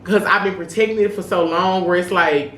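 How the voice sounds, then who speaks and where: A woman's voice: on the low side, a little fast, a bit bright. A woman co-hosting a podcast, talking candidly and rambling, filling her speech with "you know what I'm saying". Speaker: podcast co-host. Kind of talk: casual chat. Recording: roomy room with faint noise.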